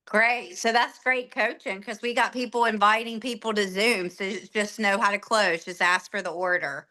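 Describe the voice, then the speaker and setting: A woman coaching a sales team, emphatic and animated, acting out little quoted exchanges. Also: mid-range voice, moderate pace. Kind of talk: enthusiastic coaching talk.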